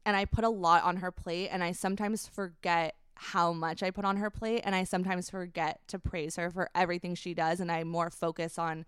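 A young woman, a company founder, telling an emotional personal story as a podcast guest, halting with many fillers. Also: lowish voice, clean tone, dry recording, clean studio sound. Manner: halting, many fillers, laughs while recounting.

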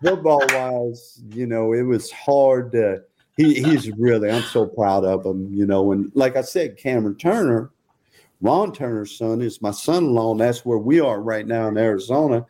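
Older ex-coach, chatty guest, jovial anecdotes, mid-pitched voice. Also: male voice, moderate pace, mellow. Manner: laughs often, acts out quotes in a higher voice. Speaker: former football coach, guest. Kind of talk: casual podcast chat, storytelling.

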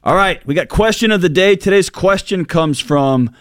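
A man's voice: high-pitched, expressive, no echo, studio quality. Blunt male talk host. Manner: blunt, emphatic, drawn-out points. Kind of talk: casual advice talk.

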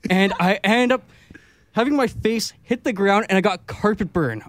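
A man's voice: sits high, normal speed, no room sound. A male radio co-host telling an embarrassing story in a sheepish, giggly way. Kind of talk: casual storytelling on talk radio.

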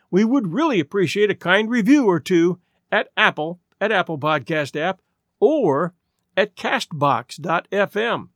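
A man narrating classic short stories for his podcast, reading in a measured, expressive way, then thanking listeners in a relaxed, friendly tone. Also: high-pitched, no room sound, studio quality. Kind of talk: storybook narration and podcast sign-off.

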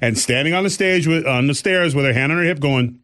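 Animated storytelling man. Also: on the high side, a little fast. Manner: animated storyteller acting out voices. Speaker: podcast co-host. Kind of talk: casual chat.

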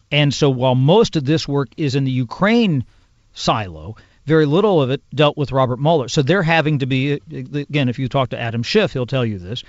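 A man who is a congressional news producer, explaining in a measured, detailed way as a podcast guest. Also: mid-range voice, no echo. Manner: measured, explanatory, piles up clauses and examples. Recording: dull lo-fi sound.

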